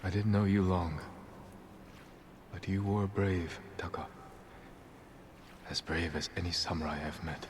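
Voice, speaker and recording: A grave, deep samurai. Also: male voice, steady tone, a little hiss or hum. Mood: solemn mourning. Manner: grave and measured. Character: stoic young male samurai, solemn. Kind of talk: video game dialogue.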